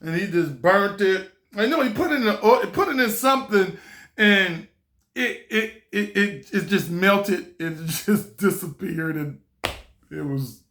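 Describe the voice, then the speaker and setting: A young man from a small town telling a story to camera in casual chat, animated and laughing as he acts out the people in it. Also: high voice, measured pace. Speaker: vlogger.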